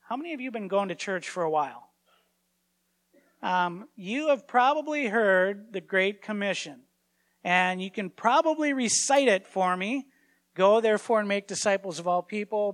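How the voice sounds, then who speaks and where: A pastor in his forties with a voice that sits high gives an informal, story-driven sermon in a conversational style, full of fillers and restarts.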